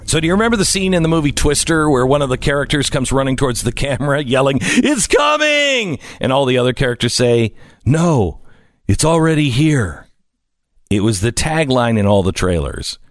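A man hosting a talk radio show, speaking in a conversational monologue with frequent "uh" pauses. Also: medium pitch, dry recording.

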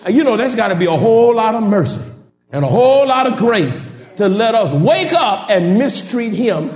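A man preaching a sermon to a congregation, calling out to them with laughing asides and building to shouted, sing-song climaxes. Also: high-pitched, sing-song, normal speed. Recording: echoey hall from a distance.

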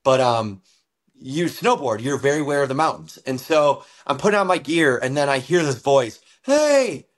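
A man who used to snowboard professionally tells a story in a loose, animated way, full of fillers like "like" and "dude.". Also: medium pitch, moderate pace. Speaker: guest, former pro snowboarder. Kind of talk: casual storytelling in an interview.

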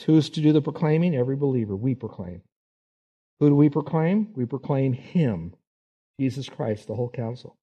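A man's voice: medium pitch, muffled recording. A man preaching a sermon in an earnest, conversational way, rising emphatically to make his points.

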